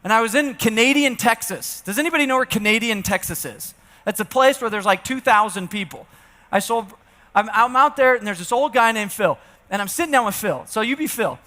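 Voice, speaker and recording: A man giving an energetic sales keynote on stage, telling stories with acted-out dialogue and rallying the audience to join in. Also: high-pitched, a little fast. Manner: animated storyteller who acts out dialogue and rallies the audience. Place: large event hall on stage. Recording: long reverb of a large hall.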